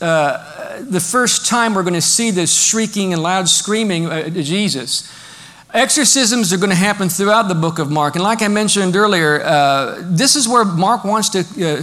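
A man preaching a sermon in a church, animated and emphatic, now and then mimicking critics in a mocking tone. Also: high voice, normal speed. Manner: animated preaching, mock voices of modern critics. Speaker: pastor.

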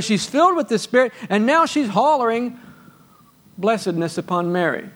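A man preaching a sermon as pastor, quizzing his congregation and lifting his voice high and loud as he reads scripture aloud. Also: expressive, normal speed. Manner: rises to loud exclaiming when reading scripture; asks the congregation questions.

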